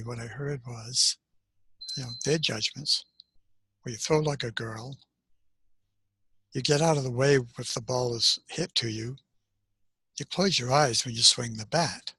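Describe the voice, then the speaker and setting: An older man gently telling a personal story from his childhood, unhurried and pausing often, as if on a video call. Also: medium pitch, breathy edge, no echo. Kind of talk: personal story, reflective monologue. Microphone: webcam on a video call.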